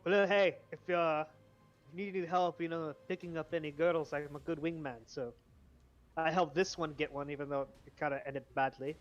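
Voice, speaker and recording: Higher-voiced joking man on dull voice chat. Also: steady tone, a little fast. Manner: joking, laughs often. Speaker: tabletop role-play player. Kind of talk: casual joking chat in voice call.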